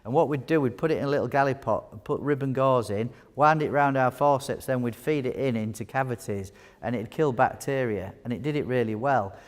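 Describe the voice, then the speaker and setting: A man teaching wound care to a live audience, chatty and full of jokes as he fires questions at the room. His voice sits at a middling pitch. It rings with the long reverb of a large hall. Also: a little fast, few pauses. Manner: chatty, jokey, quizzes the audience. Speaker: wound care nurse presenter. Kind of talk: live conference teaching talk.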